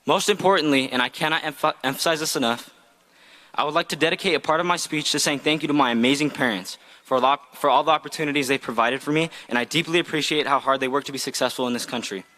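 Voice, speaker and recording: A man's voice: fairly high pitch, bright, forceful tone. A young man, a graduating student, giving an earnest, heartfelt graduation speech read from a script. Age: young adult. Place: outdoor graduation ceremony.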